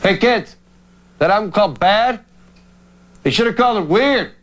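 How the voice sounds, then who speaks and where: An actor playing a square middle-aged suburban dad, making sarcastic jabs. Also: male voice, sits high, lively intonation, moderate pace, background noise. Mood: mocking. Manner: sarcastic, nudging, folksy jabs.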